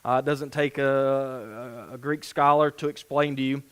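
A man's voice: medium pitch, fairly even intonation, normal speed, smooth. A man preaching a sermon and reading scripture aloud, earnest and given to restarting phrases. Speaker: pastor.

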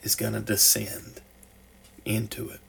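A man preaching a sermon, reading a story aloud with rising passion and then dropping to soft, slow appeals. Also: on the low side, monotone, vocal fry, breathy edge.

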